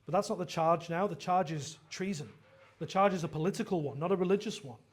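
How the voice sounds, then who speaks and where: Man, high-pitched, preacher, earnest sermon, frequent restarts, conversational asides. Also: fast. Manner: quotes dialogue in lively voiced asides. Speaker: pastor.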